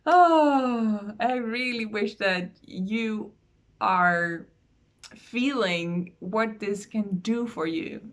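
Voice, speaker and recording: A woman, a soul coach, speaking in an earnest, gentle way in a heartfelt online talk. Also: medium pitch. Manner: earnest, gentle, slow with pauses.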